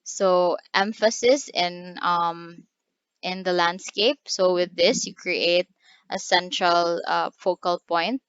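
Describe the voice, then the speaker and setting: A woman giving a design lecture over slides, halting often with fillers and restarts. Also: fairly low pitch, fairly even intonation, fairly bright tone, clear, resonant tone, no room sound. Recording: dry, dull lo-fi recording.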